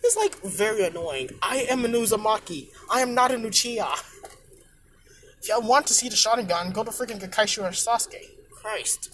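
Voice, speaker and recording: A storyteller voicing a gruff, irritated teenage boy ninja who curses and snaps in a fan what-if story. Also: medium pitch, moderate pace, a bit bright, a little hiss or hum, natural voice, poor audio. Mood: exasperated.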